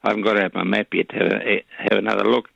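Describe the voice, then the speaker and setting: A New man with a gravelly voice chats on radio, wandering through his story with pauses and fillers. The sound is dry and dull, like lo-fi broadcast audio. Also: lowish voice, little pitch movement, a bit bright, no room sound. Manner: rambling, halting, full of fillers. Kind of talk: casual radio chat.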